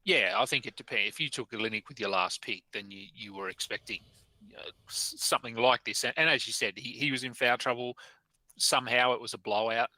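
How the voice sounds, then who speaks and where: Bright-voiced hesitant male co-host. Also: mid-range voice, brisk, no room sound, rough recording. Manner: hesitant, many fillers and restarts. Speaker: podcast co-host. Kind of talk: live-stream casual chat.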